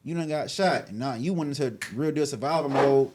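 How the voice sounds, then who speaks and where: A man's voice: medium pitch, a little fast, a little mellow. An earnest male interviewer in a middle register who drifts into a preachy tone about faith. He talks in loose everyday slang and addresses his guests directly. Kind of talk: encouraging talk with faith references.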